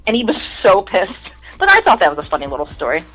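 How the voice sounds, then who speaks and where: A woman's voice: mid-range voice, fast talker, rough recording. Profane storytelling woman. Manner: profane, animated, mimics people in stories. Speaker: guest musician. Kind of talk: casual storytelling.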